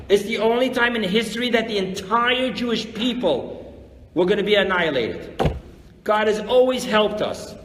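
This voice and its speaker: A man, a rabbi, teaching a live weekly religious class, animated and full of rhetorical questions, acting out grumbling voices. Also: high voice. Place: lecture room before a live audience. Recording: echoey hall with long reverb, faint noise.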